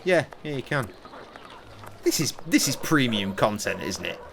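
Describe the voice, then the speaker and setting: A man's voice: mid-range voice, very animated, unhurried, vocal fry, background noise. A young man streaming a video game, rambling and swearing in a self-mocking, casual way. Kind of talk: casual gameplay commentary.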